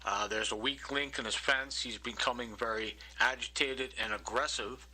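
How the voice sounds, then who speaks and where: A man's voice: medium pitch, fairly even intonation, normal speed, pushed and bright, husky, low-quality recording. A man narrating over his own recordings, indignant and accusing, repeating his complaint.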